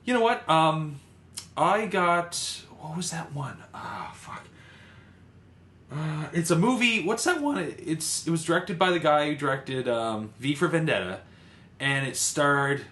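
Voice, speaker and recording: A man's voice: fairly high pitch, animated, pushed and bright. Podcast cohost guy, hesitant, lots of uhs, echoey room. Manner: hesitant, halting, many "uh"s. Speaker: podcast co-host. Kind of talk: casual podcast chat. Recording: echoey room with faint noise.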